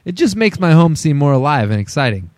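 A man's voice: fairly high pitch, big pitch swings, fast talker, darkish tone, no echo. Laid-back man reading a listener letter. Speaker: podcast host reading listener questions. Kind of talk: casual group banter.

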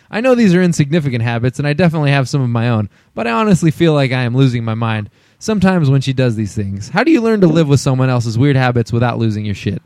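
A man co-hosting a casual podcast, reading listener questions aloud in a relaxed, joking way. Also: medium pitch, no room sound. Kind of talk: casual group banter.

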